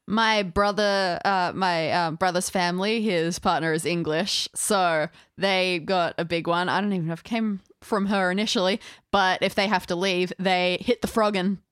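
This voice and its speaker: A woman's voice: fairly low pitch, fairly even intonation, moderate pace, hardly any pauses, a bit bright, smooth, no echo, studio quality. A woman with an Australian accent co-hosting a podcast, chatting casually and teasing with frequent laughs. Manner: laughs often, teasing banter. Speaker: podcast co-host. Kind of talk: casual chat.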